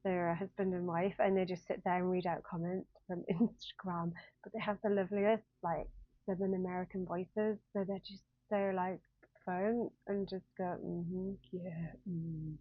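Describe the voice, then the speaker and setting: A woman in her fifties chats to her phone camera in a rambling, self-mocking way, laughing at herself as she goes. Her voice sits a touch low. The sound is dry and boxy, thin like a phone line. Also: flat delivery, moderate pace, no echo. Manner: rambling, chatty, self-deprecating with frequent laughs. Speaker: university lecturer in human-computer interaction. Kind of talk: casual talking-head vlog.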